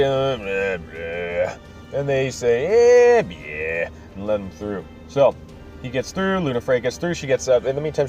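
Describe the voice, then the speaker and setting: With a lowish, mellow voice, a man hosts a podcast where he casually walks through a video game's story. His delivery is rambling and jokey, full of fillers, and he acts out the quotes.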